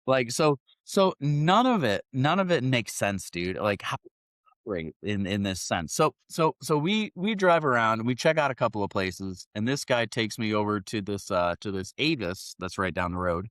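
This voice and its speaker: A middle-aged man hosting a podcast, telling a story in a profane, animated, casual way. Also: on the low side, normal speed, dry recording. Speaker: podcast host. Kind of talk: casual chat.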